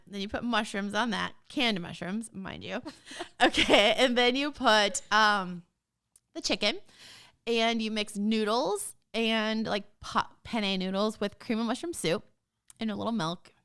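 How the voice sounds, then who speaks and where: A woman's voice: medium pitch, normal speed, a bit bright, clear, resonant tone. A middle-aged woman chatting as an interview guest, bubbly and laughing often as she tells stories. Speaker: guest, dance mom. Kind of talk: casual interview chat.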